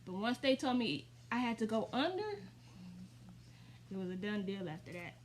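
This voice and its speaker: A woman's voice: medium pitch, lively intonation, normal speed, slight background noise. A woman in her twenties telling a personal story in a casual, rambling way, full of fillers and calling her viewers y'all. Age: 20s. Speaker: vlogger.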